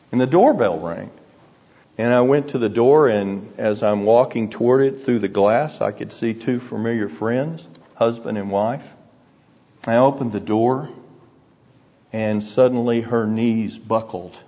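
A man preaching a sermon, telling stories earnestly and deliberately and dropping to hushed, grave tones. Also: lowish voice. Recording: dull recording in a reverberant hall.

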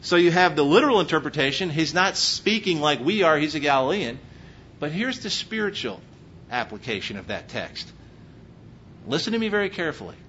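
Sing-song and a little fast, this man's fairly bright voice preaches as a pastor. Originally from Pennsylvania, he has a slight Texas accent and is emphatic, with many rhetorical questions; the audio is muffled, with a faint low rumble.

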